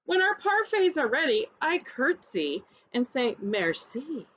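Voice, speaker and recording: A woman's voice: high-pitched, very animated, measured pace, a bit bright, muffled recording. A woman preschool teacher reading a picture book aloud and coaxing children to repeat words after her.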